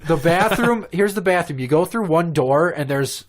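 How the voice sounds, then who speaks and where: A man's voice: fairly high pitch, lively intonation, normal speed, heavy background noise. A man from Minnesota hosting a podcast, telling stories in a crude, profane, casual way and laughing at his own jokes. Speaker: podcast host. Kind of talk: casual storytelling chat.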